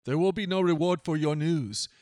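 Stern commander, voiced by a man, firm, curt, slightly high, dry close sound. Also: normal speed, darkish tone, dry recording, close to an everyday voice.

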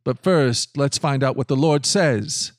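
A man's voice: mid-range voice, unhurried, no room sound, studio quality, close to an everyday voice. A man reading an earnest, devout king. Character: male king, agreeable and devout.

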